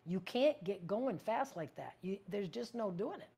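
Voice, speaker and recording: A woman teaching spiritual practice in a casual, meandering way, often searching for words and sometimes dropping to a hush. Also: mid-range voice, animated, moderate pace, husky.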